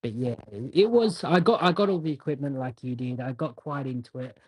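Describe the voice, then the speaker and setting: A man taking part in an online audio chat, speaking in a measured, thoughtful way. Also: mid-range voice, darkish tone, slightly rough, dry recording, rough recording. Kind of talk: casual chat.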